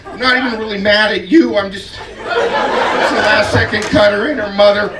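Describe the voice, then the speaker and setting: A man's voice: sits high, normal speed, a loud crowd, heavy background noise. A man doing a stand-up comedy set, telling a story and acting out the scenes. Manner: animated storytelling, acts out scenes. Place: comedy club stage. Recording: echoey club from far off, loud audience laughter.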